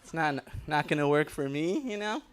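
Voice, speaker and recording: A middle-aged man from Los Angeles doing a lively stand-up comedy set at a benefit show. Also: fairly high pitch, normal speed, a little hiss or hum. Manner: animated, loud comic impressions of relatives.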